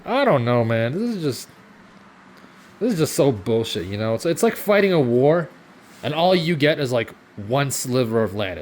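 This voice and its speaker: A man's voice: mid-range voice, sing-song, normal speed, a little mellow, slight background noise. Sarcastic young man ranting in his kitchen. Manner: frustrated, sarcastic, swearing often. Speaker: vlogger. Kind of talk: ranting vlog while cooking. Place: home kitchen.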